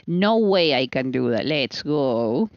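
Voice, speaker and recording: A woman's voice: very deep voice, big pitch swings, takes it slowly, dry recording, muffled recording. A woman streamer chatting casually while she bakes, playful and teasing with exasperated asides.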